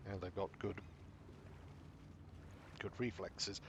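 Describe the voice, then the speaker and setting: A man's voice: low-pitched, fairly even intonation, takes it slowly, gravelly, noisy background. A man thinking aloud as he plays a video game, hesitant with many fillers. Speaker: streamer playing a video game. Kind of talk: casual gameplay commentary.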